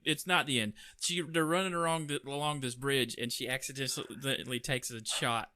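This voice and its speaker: A man's voice: mid-range voice, steady tone, normal speed, sharp tone, dry recording. A man hosting a podcast in casual chat, laid-back and easygoing. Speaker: podcast host.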